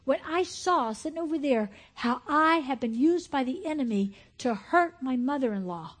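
A woman in her fifties preaching a sermon, swinging between loud, excited exclamations and hushed, whispered asides. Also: high-pitched, moderate pace, few pauses. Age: 50s.

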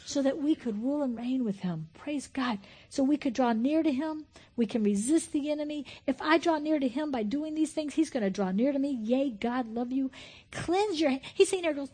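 A woman in her fifties preaching a sermon, swinging between loud, excited exclamations and hushed, whispered asides. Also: sits high, normal speed. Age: 50s.

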